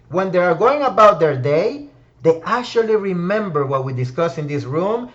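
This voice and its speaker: A man's voice: sits high, fairly bright tone, dull audio. A man hosting a motivational discussion room, reflective and emphatic, speaking to listeners by name. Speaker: host of a word-of-the-week discussion room. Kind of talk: motivational talk.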